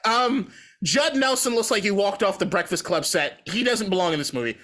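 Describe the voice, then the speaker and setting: A man's voice: high voice, expressive, a little fast, sharp tone. A man co-hosting a podcast, rambling through profane, opinionated movie talk in a casual debate. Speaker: podcast co-host.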